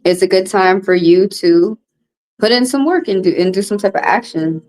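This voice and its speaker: A woman's voice: medium pitch, moderate pace, a little mellow, poor audio. A woman doing a casual livestream tarot card reading, talking bluntly and profanely with rambling asides.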